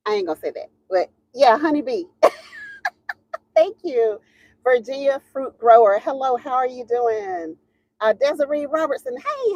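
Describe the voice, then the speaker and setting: Her high-pitched voice has a darkish tone as she hosts a relaxed livestream, chatting, laughing often, and telling a story to the viewers she greets. She's from the Southern United States and drawls her phrases, heard through a dull, lo-fi, dry recording.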